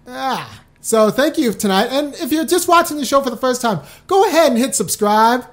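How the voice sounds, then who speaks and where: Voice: high-pitched, animated, normal speed. A talk show host on a live stream, chatting loosely with viewers and often breaking off to restart a thought.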